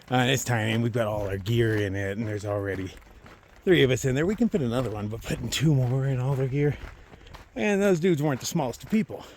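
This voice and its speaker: A man telling a story outdoors on a hiking trail, ranting and swearing in a loose, animated way that swings from loud outbursts to muttered asides. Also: mid-range voice, slight background noise. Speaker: long-distance thru-hiker vlogger. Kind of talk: casual storytelling.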